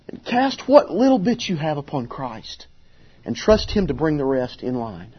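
A middle-aged man preaching a sermon as pastor, earnest and emphatic, sometimes voicing pleas at a higher pitch. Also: sing-song, normal speed, husky, dull audio.

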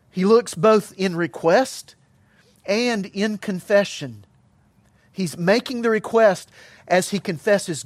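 High-voiced man preaching a sermon. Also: dry recording. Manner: earnest, emphatic preaching with measured pauses. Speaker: pastor.

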